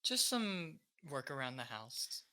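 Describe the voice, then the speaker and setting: Brief: game master as an unseen caller's woman voice, quiet and cryptic, sharp-toned and lively. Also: takes it slowly, heavily acted. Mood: cryptic hush. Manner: hushed, low-voiced and cryptic. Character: mysterious cryptic woman on the phone.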